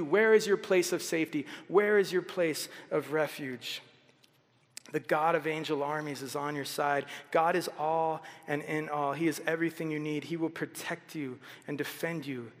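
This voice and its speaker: A pastor delivering a passionate sermon. His fairly high male voice rises into loud exhortation and then drops to near silence, and it rings with a long reverb as in a large hall. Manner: passionate, swings from loud exhortation to hushed quotes.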